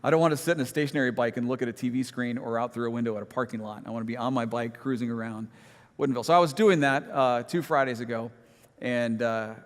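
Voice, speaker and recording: A man preaching in a church sanctuary, telling a personal story in a relaxed, self-deprecating way with humorous asides. His voice sits at an ordinary middle pitch. A long reverb trails every phrase. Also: fast. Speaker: pastor.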